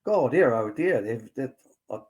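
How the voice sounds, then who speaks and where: Older man, interview guest, rambling storyteller, lots of fillers, mid-pitched voice. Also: animated, unhurried, a little mellow. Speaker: former football academy director, guest. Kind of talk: anecdotal casual chat.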